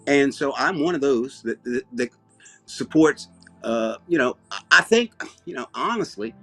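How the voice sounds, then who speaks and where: A man with an Alabama Southern accent, hosting a comedy show and rambling deadpan through comic banter. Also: medium pitch, unhurried, faint music behind. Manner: rambling, deadpan, self-interrupting.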